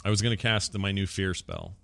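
Deep-voiced hesitant male player. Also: flat delivery, quick pace, fairly bright tone, dry recording. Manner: hesitant, explains rules with fillers. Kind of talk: tabletop game play.

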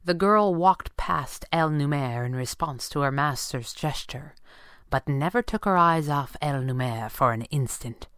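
A woman narrating an audio drama in a measured storytelling manner. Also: deep voice, a bit bright, clear, resonant tone, dry recording, studio quality.

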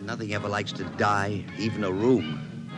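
An actor playing a doctor in an old radio drama, dry and matter-of-fact. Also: male voice, lowish voice, level tone, normal speed, over music, close to an everyday voice. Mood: calm. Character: calm doctor and friend of the family.

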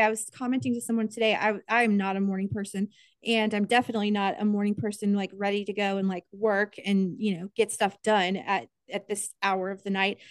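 A woman's voice: medium pitch, no room sound. An American woman co-hosting a casual podcast, chatty and earnest, sometimes choking up. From United States. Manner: chatty, earnest, gets emotional. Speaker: podcast co-host.

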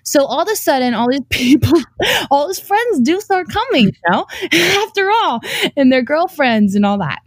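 A young adult woman telling anecdotes in a casual chat, animated and giggly, peppering her speech with "like" and the odd swear word. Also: high voice, moderate pace, dry recording. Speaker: guest storyteller.

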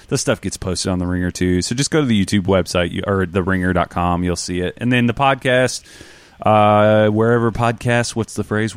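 A man with a Southern American accent, a guest on a casual podcast, talking in a relaxed, rambling way and a bit tired. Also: lowish voice, clear, resonant tone, no room sound. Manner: laid-back, rambling, self-aware. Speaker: podcast guest, video maker.

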